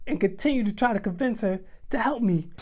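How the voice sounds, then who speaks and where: Young man, high voice, dramatic comic storytime, animated and exaggerated. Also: brisk, slight background noise. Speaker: vlogger.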